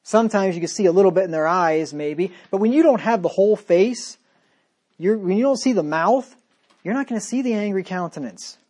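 A man preaching a sermon, reading verses aloud and dropping into sarcastic low asides between loud points. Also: lively intonation, a little fast.

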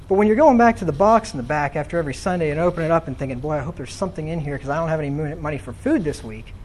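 A pastor delivers a sermon in a church with a high-pitched voice for a man. He reads scripture aloud and keeps turning to the congregation with easy, conversational questions.

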